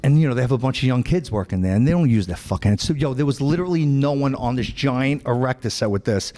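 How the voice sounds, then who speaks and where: A podcast host with a New York accent tells rambling, profane stories in casual chat, constantly throwing in "right?" and "bro." His medium-pitched voice is animated, fast, and dark-toned, heard through long hall reverb.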